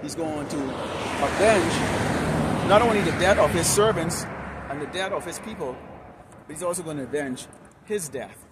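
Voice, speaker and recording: Loud confrontational male street preacher. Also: a little high, normal speed, pauses often. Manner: loud, confrontational, crude insults. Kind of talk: fiery street sermon. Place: outdoors by a busy street. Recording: loud traffic noise outdoors. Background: loud traffic.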